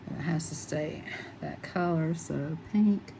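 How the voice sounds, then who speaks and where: A woman's voice: low voice, measured pace, creaky, background noise. A middle-aged woman chatting casually and rambling as she colors, laughing often. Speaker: coloring channel host. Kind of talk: casual chat while coloring.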